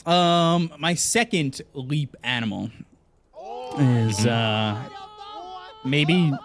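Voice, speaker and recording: A man co-casting an esports stream, chatting casually and telling long jokes with acted-out voices. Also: extremely slow. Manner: animated, acts out joke characters with pitch jumps. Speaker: esports co-caster.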